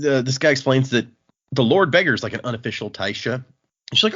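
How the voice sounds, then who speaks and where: Man, casual chat, lively pitch, acts out lines, dull lo-fi recording. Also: quick pace, husky. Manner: animated storytelling, acting out characters' lines. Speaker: podcast co-host recapping a graphic novel. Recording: dull lo-fi podcast audio.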